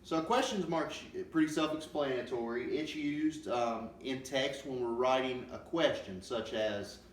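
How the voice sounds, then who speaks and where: A man giving a grammar lesson, explaining slowly and patiently with many pauses and ums. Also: medium pitch. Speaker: teacher. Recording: roomy, distant mic with faint noise.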